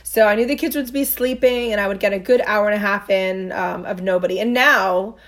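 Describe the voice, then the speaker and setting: A woman's voice: medium pitch, fairly quick, fairly bright tone. Rambling storytelling woman podcaster. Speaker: podcast co-host. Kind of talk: casual chat.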